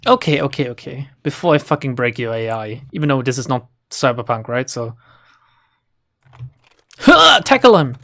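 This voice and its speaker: A woman streamer giving casual, playful commentary while playing a game, chatty and quick to swear at the characters. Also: extremely low pitch. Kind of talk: casual let's-play commentary.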